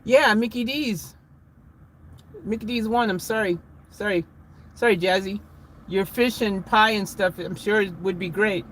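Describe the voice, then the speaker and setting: A man chatting casually with viewers in a live vlog, laughing and getting excited, recorded in a van. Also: high-pitched, measured pace, long pauses, a little hiss or hum. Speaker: vlogger.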